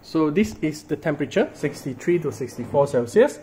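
A man's voice: on the high side, lively intonation, a little fast, mellow. Chatty man reviewing hardware. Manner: chatty, often starts with "so", hedges with "I assume". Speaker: tech reviewer. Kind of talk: casual product showcase narration.

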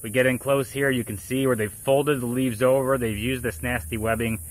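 A man's voice: medium pitch, fairly even intonation, normal speed. Chatty man demonstrating in his garden. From Florida. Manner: chatty, explains step by step. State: muffled by a face mask. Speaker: gardening vlogger. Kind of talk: casual how-to vlog. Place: outdoor garden at dusk.

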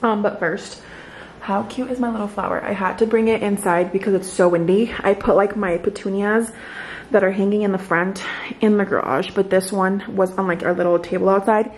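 A woman's voice: mid-range voice, fairly even intonation, fairly quick, darkish tone, a little hiss or hum. A woman vlogging at home on a handheld camera, slightly out of breath, chatting in a rambling way with lots of fillers. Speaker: vlogger, mom of two. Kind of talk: casual vlog chat.

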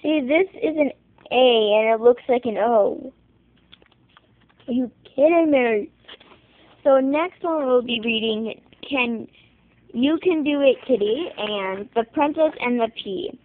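High-voiced woman reading aloud haltingly. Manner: halting reading with frequent restarts and apologies. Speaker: book reader. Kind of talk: reading a picture book aloud on camera. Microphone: handheld phone or camera. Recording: thin phone-like dry sound.

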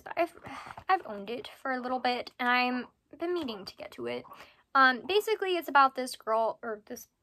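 A young woman talks casually to camera about her reading plans. Her voice is high and bright, and she rambles with many fillers and quick self-corrections. Now and then she drops into a soft whisper. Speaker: book vlogger. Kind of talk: casual book talk to camera.

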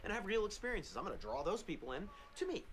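A man's voice: sits high, very animated, fast, background noise. An actor playing an intense, self-absorbed man who talks insistently. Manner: insistent, emphatic.

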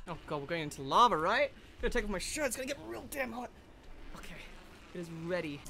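A woman giving jumpy, excitable in-character commentary over gameplay, often breaking into shouts. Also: medium pitch, quick pace, a little hiss or hum. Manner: jumpy, bursts into shouts and laughter. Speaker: gamer. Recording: loud gunfire from the game behind.

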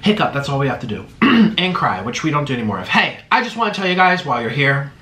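A man's voice: mid-range voice, quick pace. A man hosting a casual eating vlog, gushing and exclaiming over each bite. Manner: excitable, gushing, full of exclamations. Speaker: mukbang host. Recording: roomy echo.

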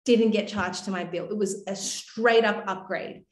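A woman's voice: medium pitch, fairly even intonation, measured pace, echoey room, rough recording. A young adult woman coaching on camera, enthusiastic and breezy, with lots of casual fillers. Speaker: business and mindset coach. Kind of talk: motivational talk to camera.

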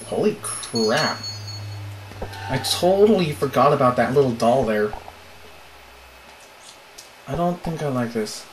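A man's voice: medium pitch, slight background noise. A man giving casual gameplay commentary as a let's play host, with crude joking asides. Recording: roomy echo.

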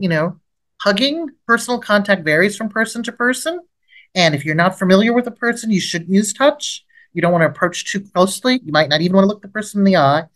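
A middle-aged woman giving an instructional training lecture on first aid for the mind, acting out short gentle approach lines in between. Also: fairly low pitch. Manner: lively, rises sharply when acting out gentle approach lines. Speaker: trauma expert leading a training webinar. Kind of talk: instructional lecture with role-played examples.

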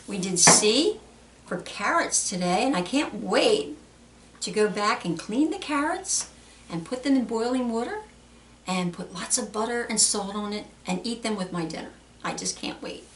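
A woman hosting a children's storytime, reading aloud in an animated, sing-song way with playful animal sounds. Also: medium pitch, moderate pace, slight background noise. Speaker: children's librarian. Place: public library. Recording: echoey room, mic at a distance.

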